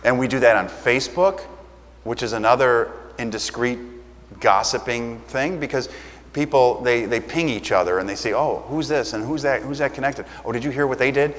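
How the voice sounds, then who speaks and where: A pastor with a mid-range, medium-pitched voice preaches from the pulpit at normal speed, keeping it easy and conversational. He slips into little acted-out dialogues, and a long church reverb surrounds his ringing voice.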